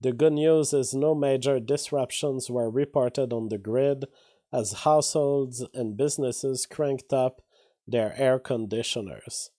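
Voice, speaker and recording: A man's voice: medium pitch, measured pace, mellow. A man casually reading headlines aloud and rambling through offhand asides in between. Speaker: vlogger reading news. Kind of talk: casual commentary on read-out headlines.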